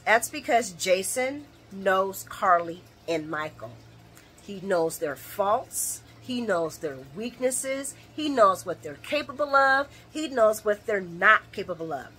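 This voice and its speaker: A woman hosting a casual late-night soap opera recap vlog, animated and laughing often as she acts out characters' lines. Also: mid-range voice, slow pace, husky.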